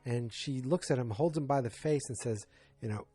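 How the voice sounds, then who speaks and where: A man's voice: mid-range voice, moderate pace, mellow, breathy edge, soft background music. A man in his forties hosting a casual solo podcast recap, rambling with many fillers and restarts and throwing in exasperated asides. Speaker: podcast host.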